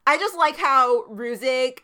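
A woman's voice: high voice, expressive, slow, pushed and bright. A young woman co-hosting a podcast, reacting emotionally and gushing in a casual recap chat. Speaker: podcast co-host.

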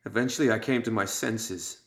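A man's voice: lowish voice, brisk, gravelly, a bit bright. A man voicing a broken, vengeful widow who shrieks and weeps in an audiobook. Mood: whispered despair. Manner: shrieking then weeping.

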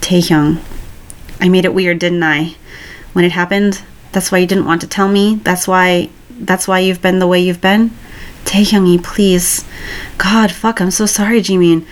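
A woman's voice: lowish voice, level tone, unhurried, lightly acted. A woman voicing a hurt, desperate young man in a read-aloud story. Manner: choked, pleading.

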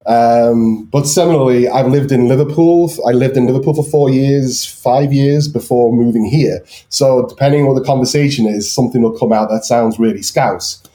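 A man with an anglicized North Welsh accent chats casually as a podcast guest. His voice is mellow and warm, and he talks in a halting way, with frequent ums and restarts. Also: mid-range voice. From Wales. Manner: hesitant, many ums and restarts. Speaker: guest artist. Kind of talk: casual chat.

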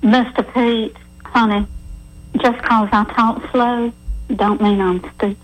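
Woman putting on a sassy slow Southern drawl. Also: fairly high pitch, fairly even intonation. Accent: Southern US put on. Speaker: caller. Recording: phone line.

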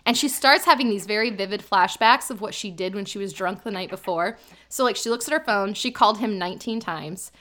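A woman in her thirties, an animated storyteller casually recapping a drama as a podcast co-host. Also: mid-range voice, a little fast.

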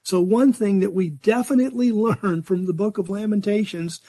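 An older man with a fairly high voice teaches a Bible lesson to a group. He speaks earnestly and conversationally, often restarting his sentences. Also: normal speed, dark tone.

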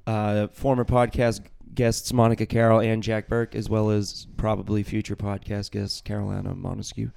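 A man's voice: on the low side, little pitch movement, moderate pace, gravelly, hardly any pauses, darkish tone, smooth. Rambling man in casual chat. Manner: rambling, many fillers and curses. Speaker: podcast co-host, comedian.

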